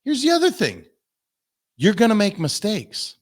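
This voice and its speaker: A man, a guest coach in a podcast interview, telling stories in an animated way and acting out the people he quotes. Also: high-pitched, normal speed. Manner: animated storytelling, acts out voices in quotes. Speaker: guest, mindset and business coach.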